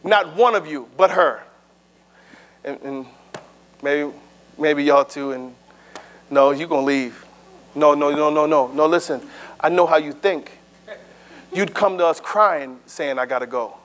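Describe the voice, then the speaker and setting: Middle-aged male pastor, high voice, conversational sermon full of restarts and sudden hushed drops. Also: measured pace, pauses often. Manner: conversational preaching with stammered restarts; swings from loud and high to low and hushed.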